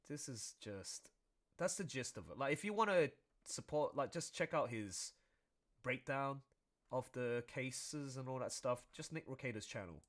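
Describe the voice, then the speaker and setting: A man chatting casually on his drawing stream, rambling through animated commentary. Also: medium pitch. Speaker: artist streaming while drawing. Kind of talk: casual chat.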